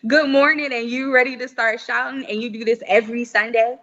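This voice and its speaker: A woman's voice: fairly high pitch, steady tone, moderate pace, a bit bright. A young woman talking candidly and emphatically in a casual chat, often laughing. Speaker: podcast guest. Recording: muffled remote audio with long reverb.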